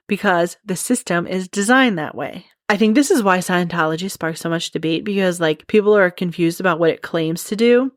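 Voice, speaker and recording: A woman hosts her podcast in a loose, chatty explainer, her speech peppered with "like" and "you know" as she pokes fun at herself. Her voice sits on the lower side for a woman. The sound is dry and close, with no room ring. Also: no echo. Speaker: podcast host. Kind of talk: casual explainer monologue.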